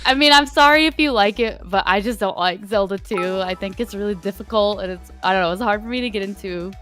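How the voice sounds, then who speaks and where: Young woman, casual guest chat, giggly, restarts often, mid pitch. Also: a little fast, fairly bright tone, soft background music. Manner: chatty, laughs often, many restarts. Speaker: guest streamer.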